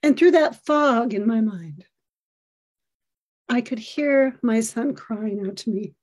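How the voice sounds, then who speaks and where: A middle-aged woman giving an earnest, expressive storytelling talk, acting out the lines of the people in it. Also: a little high, takes it slowly, long pauses.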